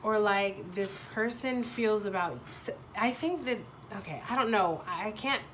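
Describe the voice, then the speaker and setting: A woman giving a pick-a-card tarot reading to viewers, thinking aloud in a halting way, restarting sentences as she searches for words and swearing freely. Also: mid-range voice, fairly bright tone, slight background noise. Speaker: tarot reader.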